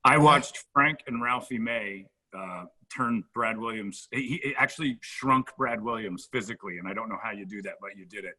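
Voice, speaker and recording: A man's voice: fairly low pitch, normal speed, hardly any pauses, slightly rough. A middle-aged man, a radio host, telling a comedic backstage story in casual chat. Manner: animated anecdote-telling, acts out quoted lines.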